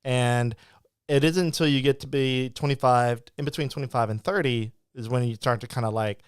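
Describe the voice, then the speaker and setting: A man's voice: mid-range voice, fairly even intonation, brisk, smooth, dry recording, clean studio sound. Man hosting. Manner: rambling, many restarts and acted-out quotes. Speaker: podcast host. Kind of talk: casual live interview chat.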